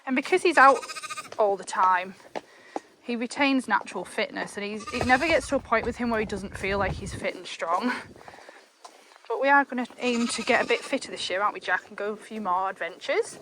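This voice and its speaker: A woman's voice: brisk, background noise. A woman chatting casually to camera while riding through fields, cooing at her animals. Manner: chatty, coos to animals in a high sing-song. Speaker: farm vlogger. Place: outdoors in fields on horseback. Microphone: chest cam.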